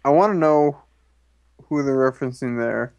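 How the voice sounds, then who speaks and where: A young man co-hosts a casual podcast with dry, quick-witted comebacks at a mid pitch. The recording is close and dry, with no room sound. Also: creaky, darkish tone, no room sound. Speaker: podcast co-host. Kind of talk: casual comedic podcast chat.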